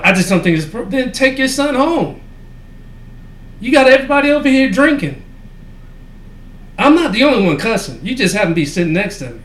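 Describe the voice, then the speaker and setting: High-voiced man telling a profane story. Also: a bit bright. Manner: profane, rambling anecdote telling with frequent fillers. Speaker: podcast co-host. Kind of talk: casual storytelling chat. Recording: echoey room with faint ambient noise.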